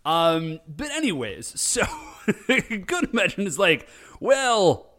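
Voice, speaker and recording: A man co-hosting a casual chat, retelling a show with lively voiced quotes. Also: high voice. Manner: animated storytelling with quick voiced quotes. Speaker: podcast co-host recapping a show.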